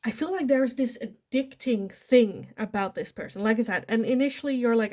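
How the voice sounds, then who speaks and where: A woman's voice: on the high side, normal speed, a little mellow. A woman from the Netherlands, giving a chatty pick-a-card tarot reading. She laughs often and acts out the lines she imagines people saying. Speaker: tarot reader.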